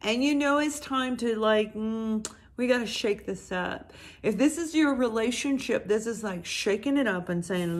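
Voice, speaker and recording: A woman giving a chatty tarot reading straight to her viewers, talking lively and directly to them. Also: a little high, moderate pace. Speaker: tarot reader.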